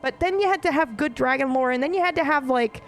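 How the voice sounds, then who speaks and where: A woman streaming a game, chatting casually to her viewers in an excitable, profane way that is full of laughs. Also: sits high, fast, soft background music. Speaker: let's play streamer.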